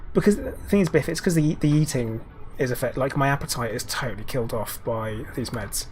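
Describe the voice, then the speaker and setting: A man's voice: medium pitch, moderate pace, darkish tone, slight background noise. A man live-streaming a game, chatting casually in a rambling way and answering viewers' chat messages.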